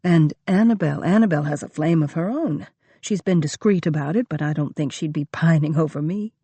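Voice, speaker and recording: A woman reading the part of an earnest married man who speaks in a low, deep drawl and pleads his case. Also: a little fast, dark tone, breathy edge, no room sound. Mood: pleading. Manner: persuasive, pleading.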